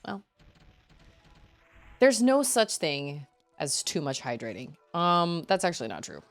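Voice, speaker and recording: A woman's voice: lowish voice, sing-song, unhurried, soft background music. Chatty young woman streaming a game. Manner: chatty and rambling, reacting to the game and chat aloud. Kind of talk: live-streamed gameplay chat. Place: at home.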